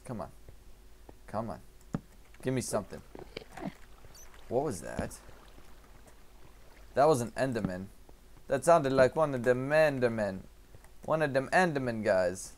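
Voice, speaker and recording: A man commentating his own gameplay, talking to himself and swinging from quiet mutters to excited shouts. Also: medium pitch, noisy background. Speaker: gaming youtuber.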